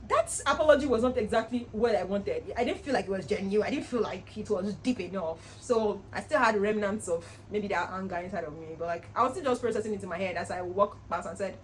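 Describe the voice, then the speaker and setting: A young woman in her twenties, a vlogger telling a personal story to camera in an earnest, animated way. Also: mid-range voice, brisk, few pauses, a little hiss or hum, low-quality recording. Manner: earnest, animated, with laughs and reenacted quotes.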